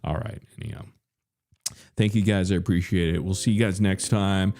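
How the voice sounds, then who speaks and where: A man's voice: deep voice, fairly even intonation, normal speed, a little mellow, faint music behind. A man hosting a livestream, ranting bluntly and profanely with many hesitant fillers. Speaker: livestream host.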